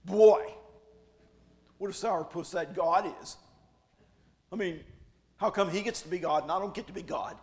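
Guy doing a whiny sulky fallen angel, high and loud, griping and scheming. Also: moderate pace, long pauses, lightly acted. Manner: petulant whining, then gleeful plotting.

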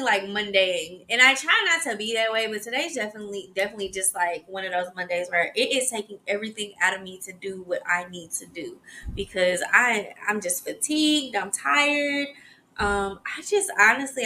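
Young woman host, bright tone, casual expressive solo podcast chat. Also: medium pitch. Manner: chatty, expressive, exasperated laughs and sighs.

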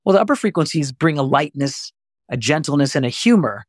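A middle-aged man hosting a podcast voice lesson, animated and often jumping high to demonstrate. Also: brisk, dry recording, clean studio sound. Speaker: voice coach and podcast host.

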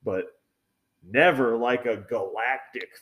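Profane, animated young man telling stories. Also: medium pitch, takes it slowly, dull audio. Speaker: podcast co-host. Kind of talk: casual chat.

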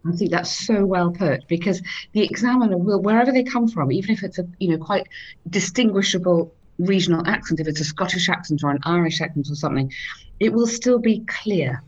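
A woman's voice: on the low side, fast talker, darkish tone, dull audio. A woman from the UK, an IELTS teacher, giving encouraging, chatty advice in a casual discussion, with lots of "um" as she talks.

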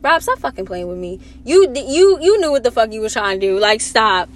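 A young woman with an American accent, chatting casually and telling a story in a blunt, profane, animated way. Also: on the high side, fairly quick. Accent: American English, Delaware. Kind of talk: casual chat.

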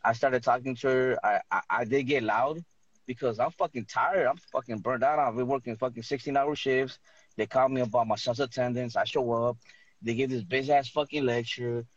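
A man's voice: medium pitch, fairly even intonation, normal speed, dry recording. A man telling heated stories in a casual group chat, swearing freely as he talks. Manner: profane, heated storytelling. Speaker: podcast guest sharing stories, bus company worker and student. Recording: dull, lo-fi sound.

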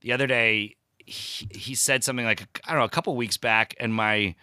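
Bright-voiced man telling funny stories. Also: mid-range voice, fairly even intonation, fairly quick, clean tone, dry recording, studio quality. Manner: swears freely, self-deprecating and jokey. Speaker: podcast guest, comedic actor. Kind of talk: casual chat, storytelling.

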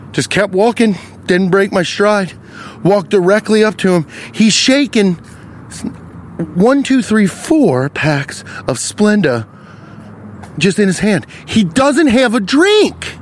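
This man hosts a podcast and delivers a funny, profanity-heavy story with great energy, voicing the people in it. His voice is high-pitched and slow, with long pauses, and a little background noise can be heard.

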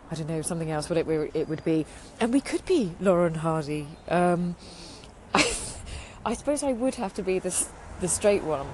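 A woman from England, chatting casually on her podcast in a rambling way with frequent restarts. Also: lowish voice. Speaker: podcast host. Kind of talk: casual chat. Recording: noisy background.

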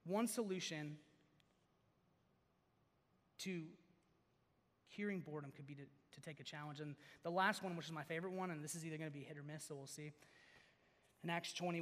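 A young man preaching to a youth audience, animated and joking, swinging between loud and hushed. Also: a little high, fairly quick, long pauses. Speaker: youth pastor. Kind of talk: sermon. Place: large hall before an audience. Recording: long hall reverb.

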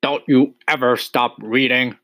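A man's voice: lowish voice, lively intonation, moderate pace, bright, forceful tone, no room sound. A man voicing a bullying, grumpy father in a storybook reading, snapping and barking his lines. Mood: angry.

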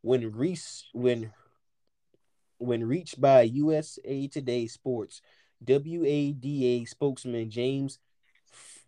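A man co-hosting a casual podcast, reading a news article aloud in a halting way full of filler words. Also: medium pitch, fairly even intonation, mellow, dry recording.

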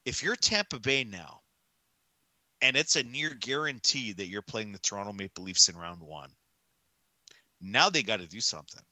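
A man holds forth on a casual sports podcast, emphatic and ranting, circling back to the same point for effect. His voice is very bright and cutting, and the sound is close and completely dry. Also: on the low side, no echo. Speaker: podcast co-host.

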